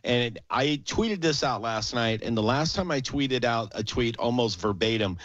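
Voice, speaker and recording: A man's voice: medium pitch, normal speed, fairly bright tone, no echo. A man co-hosting a casual sports podcast, ranting heatedly and swearing freely. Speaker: podcast co-host. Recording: dull lo-fi dry sound.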